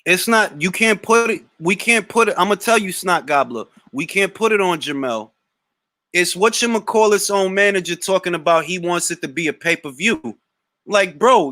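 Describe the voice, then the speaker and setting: A man hosting a live boxing Q&A, answering chat comments in a blunt, slangy, animated way. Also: high-pitched, no echo. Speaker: boxing talk show host.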